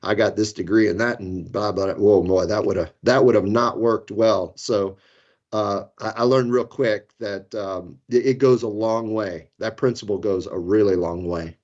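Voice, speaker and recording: A man's voice: lowish voice, moderate pace, darkish tone. A man in his fifties from the Florida Keys, a guest in a casual podcast interview. He rambles through self-deprecating stories and chuckles as he goes. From Florida Keys, United States. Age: 50s. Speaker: guest, safety consultant. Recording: dull lo-fi sound.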